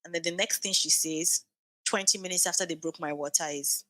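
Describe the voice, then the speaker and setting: A woman's voice: lowish voice, normal speed, no echo. A woman in her thirties, a podcast guest, telling an emotional birth story and acting out the dialogue. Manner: animated, acts out quoted dialogue.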